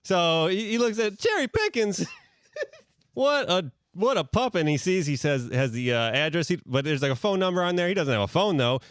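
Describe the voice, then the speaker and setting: A man's voice: high voice, big pitch swings, moderate pace, fairly bright tone, clean tone, no echo, studio quality. A man co-hosting a podcast who spins an improvised comic story in a rambling, playful way, with plenty of fillers. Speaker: podcast co-host.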